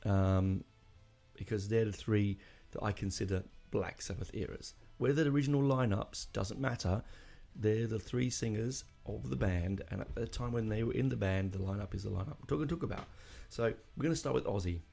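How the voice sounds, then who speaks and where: A man hosts a solo podcast in a low, gravelly voice. He rambles through his thoughts with fillers and restarts and lets his feelings show. His tone is mellow and dark. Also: brisk, soft background music. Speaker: podcast host. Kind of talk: casual solo podcast talk.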